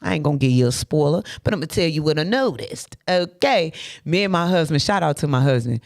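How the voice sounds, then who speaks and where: A woman's voice: deep voice, a little fast, no room sound. Woman host, motivational faith talk, preachy and direct, dry close recording. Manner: animated, preachy, talks straight to listeners.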